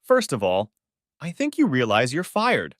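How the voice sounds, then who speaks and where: A man voicing a betrayed husband who speaks calmly but caustically to his unfaithful wife. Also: medium pitch, measured pace, dry recording, clean studio sound. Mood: stern. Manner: calm but cutting, caustic. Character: betrayed, coldly angry husband.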